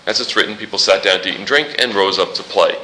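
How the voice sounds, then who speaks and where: A man preaches a sermon with a bright, forceful voice that rings through an echoey room. He jokes and fires rhetorical questions at his listeners, with a faint hum underneath. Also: lowish voice, fast talker. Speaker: pastor.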